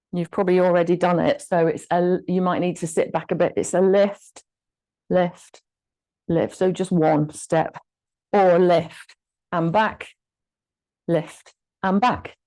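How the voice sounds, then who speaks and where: A woman instructor guiding a gentle exercise class, giving encouraging cues and short counted commands. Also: lowish voice, steady tone, slow pace, pauses often, poor audio. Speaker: fitness instructor.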